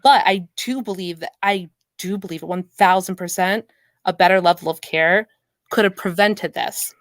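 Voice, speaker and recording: A woman's voice: lowish voice, normal speed, dry recording. A woman hosting a casual discussion, thinking aloud with frequent restarts and hedges. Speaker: host.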